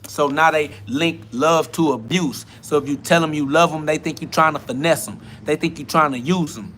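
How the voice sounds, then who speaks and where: A man's voice: on the high side, moderate pace, fairly bright tone, a little hiss or hum. A man hosting a spiritual self-talk podcast, ranting in a preachy, streetwise way with lots of repetition. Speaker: podcast host.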